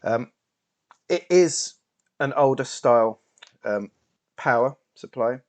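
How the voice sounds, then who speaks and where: Man doing a calm formal starship officer. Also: medium pitch. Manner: measured, formal.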